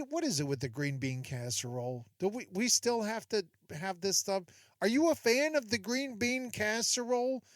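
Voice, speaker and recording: A man's voice: high voice, no room sound, clean studio sound. A man hosting a solo podcast, chatty and jokey, talking straight to his listeners with lots of asides. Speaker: podcast host. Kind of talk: solo casual podcast monologue.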